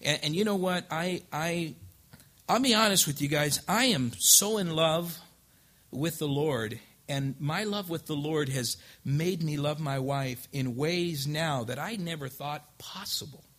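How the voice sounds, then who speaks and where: A male pastor preaching a lively sermon, acting out the couples he counsels and rising to loud emphasis. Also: on the high side, unhurried.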